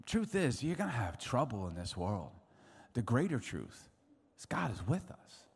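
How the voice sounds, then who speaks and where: A middle-aged man preaching a sermon, telling stories in an animated way and acting out other people's voices. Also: medium pitch, measured pace, breathy edge. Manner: animated storytelling, acts out voices and laughs. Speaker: pastor. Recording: long hall reverb.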